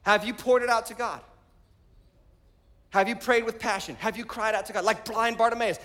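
A man preaching a sermon as pastor, animated and rising to shouts. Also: sits high, fairly quick. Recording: long hall reverb.

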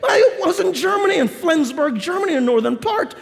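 A male pastor with a New York accent preaching a sermon in a large auditorium, telling stories with laughter and shouted punchlines. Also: very high-pitched, animated, a little fast, creaky, big-room sound.

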